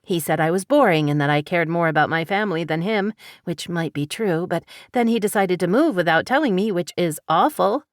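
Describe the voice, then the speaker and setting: A woman voicing a young woman who is a sad, overwhelmed newcomer, talking in a hurried, emphatic way. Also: lowish voice, expressive, no echo, studio quality, pitched above the performer's own voice, close to an everyday voice. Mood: upset.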